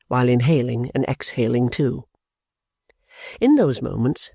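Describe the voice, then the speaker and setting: Man reading an audiobook, warm and dry. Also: mid-range voice, no room sound. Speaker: audiobook narrator. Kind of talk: scripted narration.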